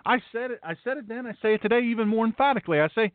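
A man's voice: very high-pitched, racing, few pauses, dry recording. A male host delivering a blunt, emphatic, sarcastic talk-show monologue. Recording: tinny phone-like, dry.

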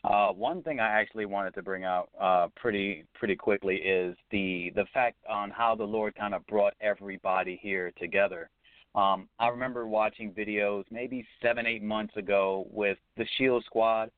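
Earnest low-voiced man on a phone line. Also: fairly even intonation, normal speed, clean tone, no echo. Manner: sincere, preacherly, hesitant with fillers. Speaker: guest. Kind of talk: earnest testimony. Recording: tinny phone-line audio.

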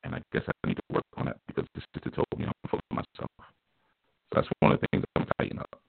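A fast-talking man delivers a casual spiritual lesson, chuckling and colloquial, leaning on homespun stories to make his points. The sound is dry and tinny, like a phone recording.

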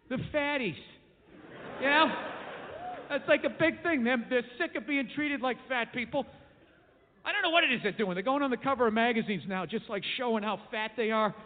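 A man performing a stand-up comedy set, ranting in a brash, profane way that builds to shouting. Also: very high-pitched. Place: comedy club stage. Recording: tinny, phone-like club recording with long reverb.

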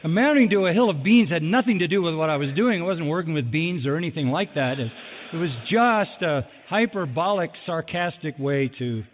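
A man preaching a sermon with lively delivery who acts out the people he quotes, recorded in a large hall. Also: a little high. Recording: phone-like sound with long hall reverb.

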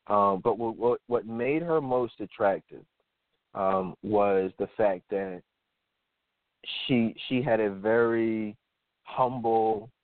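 A man's voice: lowish voice, dry recording. A man hosting a call-in radio show, talking bluntly and animatedly, acting out the voices in his own stories. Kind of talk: opinionated call-in radio commentary. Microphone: phone line. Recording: tinny phone-line audio.

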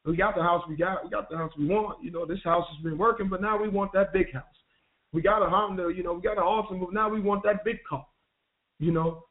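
A man on a radio show telling his life story in a relaxed, conversational way, using street slang and often restarting his sentences. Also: sits high, quick pace. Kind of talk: personal storytelling. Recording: tinny phone line.

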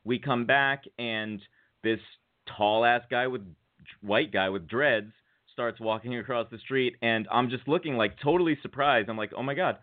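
A male radio host chatting loosely and telling lively anecdotes with a laugh never far off. His voice sits at an ordinary pitch and comes through narrow and tinny, like a phone line. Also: a little slow. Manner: animated storytelling, laughs often. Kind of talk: casual comedic chat.

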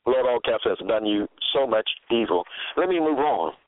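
A man teaching from scripture in a slow, deliberate way, reading out verse after verse and restating each one. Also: medium pitch, expressive, no echo. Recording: tinny phone-line sound, dry.

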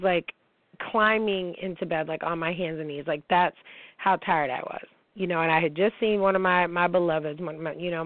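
A woman's voice: on the low side, no room sound. Frank profane woman on a tinny line. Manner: frank and profane, many fillers. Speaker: host of a personal talk show. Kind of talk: candid storytelling monologue. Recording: tinny phone-like sound, dry.

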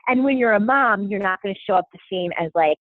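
A woman's voice: mid-range voice, fast talker, no room sound. Podcast host, woman, chatty and self-deprecating, thin phone-line sound, dry. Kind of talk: casual podcast chat. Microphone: remote call. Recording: thin phone-like call audio.

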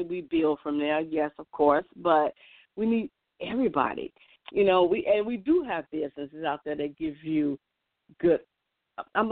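A woman's voice: fairly low pitch, no room sound. A woman in a casual monologue, earnest and emphatic, often restarting her sentences. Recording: tinny, dry phone-like sound.

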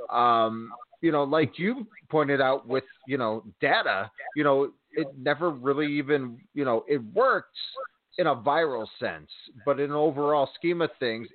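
A man with a mid-pitched voice rambles through a casual podcast chat, full of fillers and restarts. His voice comes over a narrow, phone-like line with a dry, close sound. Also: dry recording. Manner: rambling, many "you know" fillers. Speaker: podcast co-host. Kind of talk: casual chat about wrestling.

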